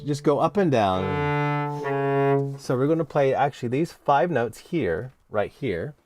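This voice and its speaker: A man's voice: medium pitch, expressive, unhurried, a little mellow, soft background music. An American man teaching cello in a live online lesson, encouraging and hands-on as he counts out cues.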